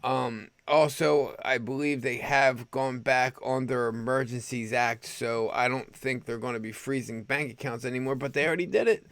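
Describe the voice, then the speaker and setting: A man's voice: medium pitch, flat delivery, moderate pace, few pauses, fairly bright tone, smooth, no echo. Sarcastic man hosting homemade news. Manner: sarcastic, rambling. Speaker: host. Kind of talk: opinionated news commentary.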